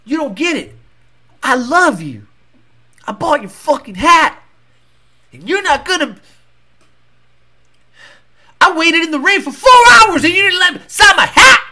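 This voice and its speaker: A man voicing an obsessive male fan who pleads and then shouts in a whiny, escalating rant. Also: extremely high pitch, big pitch swings, measured pace, pauses often, slight background noise, voice pushed up, exaggerated voice. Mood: unhinged.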